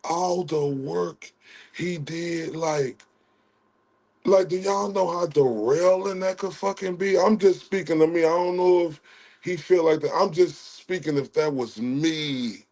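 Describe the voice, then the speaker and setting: A man hosting a livestream, ranting in a heated, profane way and swinging between loud outrage and quiet apologies. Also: a little high, measured pace. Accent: Southern US. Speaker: livestream host.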